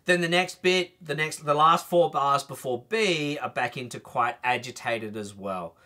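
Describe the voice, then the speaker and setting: A man's voice: mid-range voice, normal speed, pushed and bright. A man teaching a trumpet masterclass, explaining phrasing and singing short bits to demonstrate.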